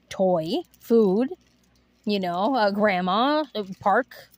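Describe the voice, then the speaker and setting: A woman's voice: fairly high pitch, expressive, measured pace, no echo. A woman who runs an animal rescue, chatting casually and giving upbeat tips on training dogs. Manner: chatty, upbeat, full of fillers.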